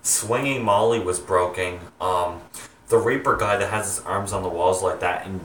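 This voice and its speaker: A young man chatting to his viewers, rambling and halting with many ums and restarts. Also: deep voice, fairly bright tone, roomy sound, far from the mic, a little hiss or hum. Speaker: vlogger, home haunt maker. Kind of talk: rambling casual chat to viewers.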